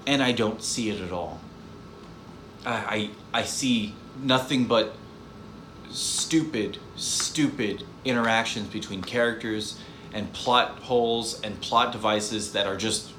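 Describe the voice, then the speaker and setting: A man's voice: medium pitch, sharp tone. A man ranting casually in a movie review vlog, exasperated and rambling, often repeating his words. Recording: echoey room, faint background hiss.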